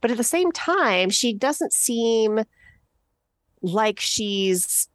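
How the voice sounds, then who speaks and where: A woman's voice: fairly high pitch, animated, extremely slow, dry recording. A woman co-hosting a podcast, chatting in a thoughtful, easygoing way. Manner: chatty, thoughtful, with light laughs. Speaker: podcast co-host. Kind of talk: casual chat.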